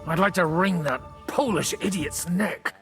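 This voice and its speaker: An actor playing a blunt, boozy priest in disguise as a cardinal, grumbling and coarse in a husky voice. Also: male voice, sits high, measured pace, over music. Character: boozy irreverent male priest posing as a cardinal. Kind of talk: video game dialogue.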